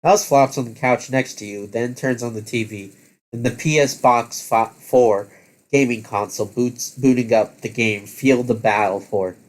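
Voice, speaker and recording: A man reading a text adventure aloud as game master, halting and correcting himself as he goes. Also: medium pitch.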